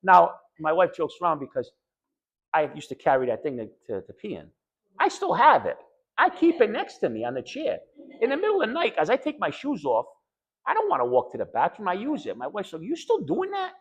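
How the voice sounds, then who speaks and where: A middle-aged man telling a group about his recovery after a lung transplant, animated, jumping between loud joking and quiet earnest talk, often repeating words. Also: high voice, fairly quick, breathy edge, lo-fi sound. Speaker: lung transplant patient speaking to patients. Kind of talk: personal story told to a group.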